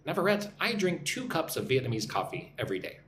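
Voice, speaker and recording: A man's voice: on the high side, sing-song, fast talker, fairly bright tone. An American man teaching English on a live stream, chatting and reading viewer comments aloud. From United States. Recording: echoey room with faint background noise.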